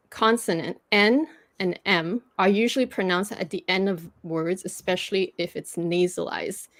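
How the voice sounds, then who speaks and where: A native French-speaking woman hosting a casual livestream, patiently explaining French pronunciation with frequent fillers and restarts. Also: medium pitch. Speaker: host teaching French pronunciation.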